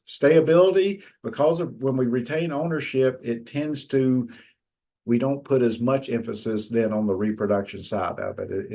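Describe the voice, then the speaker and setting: A man's voice: mid-range voice, gravelly, a little mellow. Man lecturing through slides. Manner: plain, conversational with frequent fillers and restarts. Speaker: extension lecturer.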